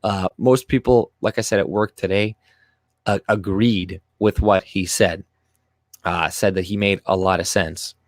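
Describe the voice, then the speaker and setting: A young French-native man with a lowish voice speaks into a close mic in a dry, dead room with no echo. Hosting a casual livestream and reading comments aloud, he rants to his chat unhurriedly in a steady tone, swearing freely and mocking sarcastically. His delivery is loose and off the cuff.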